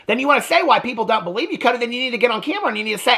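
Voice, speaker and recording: A man rants through a TV recap in a lively, bouncing voice that swings widely in pitch. His tone is bright and blunt, and he sounds exasperated as he gives casual commentary. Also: rapid-fire, gravelly, hardly any pauses. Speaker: TV recap vlogger.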